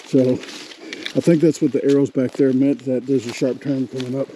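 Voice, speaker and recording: A man talks into his handheld camera as he hikes, out of breath and rambling, often correcting himself in a folksy way. His voice is mellow and dark. A faint hiss of noise sits under it. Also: medium pitch, little pitch movement, normal speed. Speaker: outdoor vlogger. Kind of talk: casual hiking vlog talk. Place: forest hiking trail outdoors.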